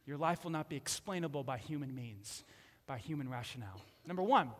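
A man preaching as a pastor, swinging between hushed lines and loud emphatic ones and acting out the voices of people in his stories. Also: medium pitch, animated, brisk, big-room sound. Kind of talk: sermon.

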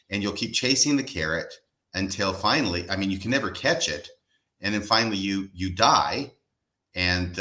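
A man's voice: low-pitched, sharp tone, reverberant. A man hosting a casual podcast discussion and talking with wry, joking asides.

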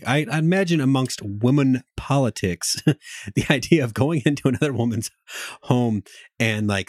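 Low-voiced man, dry close sound. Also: dry recording. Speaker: podcast co-host. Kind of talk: casual TV recap chat.

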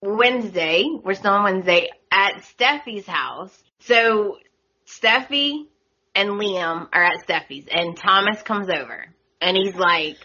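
A woman's voice: medium pitch, measured pace, bright, forceful tone, slightly rough, lo-fi sound. A woman hosting a podcast, recapping a soap opera in casual chat, laughing often and acting out quotes. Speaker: podcast host.

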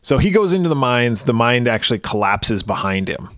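A man's voice: mid-range voice, big pitch swings, brisk, a bit bright, dry recording, studio quality. A man co-hosting a podcast, recapping a movie in casual chat, laid-back and swearing freely. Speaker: podcast co-host.

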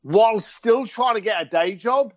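A man with an East London accent talks through a dull, muffled remote line, chatty and quick with a joke. His voice sits a little high and close and dry. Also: no room sound. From East London, England. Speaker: guest, luxury concierge. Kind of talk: casual interview chat over a call.

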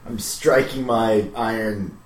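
A man's voice: on the low side, takes it slowly, slight background noise. A man playing a tabletop game, describing his moves in an eager, stumbling way. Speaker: player. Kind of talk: casual chat at a game table. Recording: echoey room.

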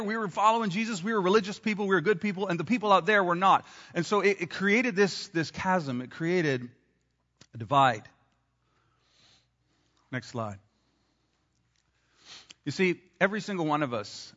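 A man preaching a sermon with a bright, forceful voice set a little high for a man. His animated, conversational delivery carries through a church hall with a long reverb, and the sound is slightly dull. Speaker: pastor.

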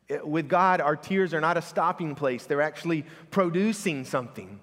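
A man's voice: on the high side, fairly bright tone. Earnest man preaching in a hall. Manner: earnest, conversational preaching with pauses. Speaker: pastor. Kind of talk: sermon. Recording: long reverb of a church hall.

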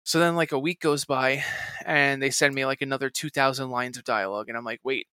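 Man telling a story, animated and bright. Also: mid-range voice, fairly quick, clean tone, no room sound, studio quality. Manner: animated, acts out quotes, many fillers. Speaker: voice actor and game writer. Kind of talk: casual storytelling interview.

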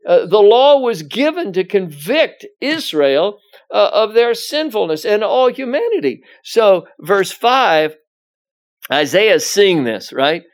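A man's voice: sits high, big pitch swings, takes it slowly. A male pastor giving conversational Bible teaching, rambling with many "you know"s and restarts, and reading scripture aloud with emphasis.

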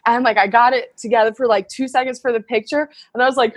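A woman's voice: fairly high pitch, steady tone, quick pace, hardly any pauses, dry recording. Emotional, chatty woman guest. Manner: emotional, laughing storyteller, many fillers. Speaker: guest, wrestler. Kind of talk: casual interview chat.

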